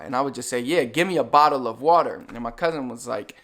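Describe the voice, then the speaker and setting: A young man giving a casual video lesson, talking in a relaxed, conversational way and slowing down to model each phrase. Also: mid-range voice. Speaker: Spanish teacher.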